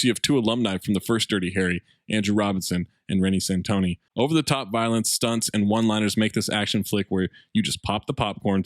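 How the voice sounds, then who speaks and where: A man's voice: on the low side, no echo. A man co-hosting a comedy podcast, reading film reviews aloud with mock-earnest emphasis. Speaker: podcast co-host.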